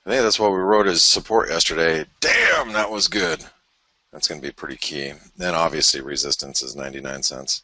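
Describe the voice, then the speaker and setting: A forex commentator hosts a live market show, casually talking through charts as he thinks aloud and throwing in self-deprecating asides. His bass voice is a little fast, pushed and bright, with no room sound.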